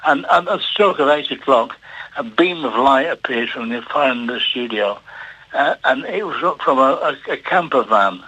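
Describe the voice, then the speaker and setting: An older man, a television producer, telling a story on the radio with halting repeats and lively delivery. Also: medium pitch, slightly rough, dull audio. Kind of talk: anecdotal storytelling.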